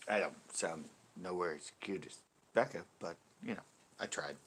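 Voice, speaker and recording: Relaxed male stream host, low-ish voice, rambling and easygoing. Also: moderate pace, breathy edge. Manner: rambling, laid-back, laughs easily. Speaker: fishing channel host. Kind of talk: casual livestream chat.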